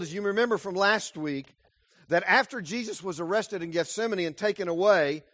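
A male pastor preaching a sermon, dramatic, swinging between loud emphasis and hushed asides. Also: high voice, no echo.

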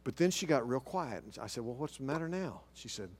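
A middle-aged man from Oklahoma preaching, telling a story with lively delivery and dropping to a hushed voice when quoting others. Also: mid-range voice, a little fast, few pauses, breathy edge. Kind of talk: sermon storytelling.

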